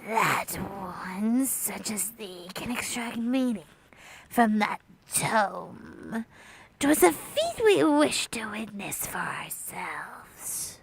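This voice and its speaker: Creepy old crone, gravelly, breathy whisper, very slow and drawn out, archaic and haughty. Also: female voice, medium pitch, sing-song, slight background noise, exaggerated voice, low-quality recording. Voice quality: raspy whispered croak. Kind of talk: reading game dialogue aloud.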